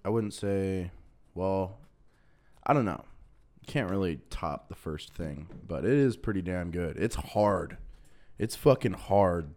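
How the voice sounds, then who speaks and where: Low-voiced young man, profane casual banter. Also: lively intonation, slow, darkish tone. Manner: profane, laid-back, jokey. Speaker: podcast co-host.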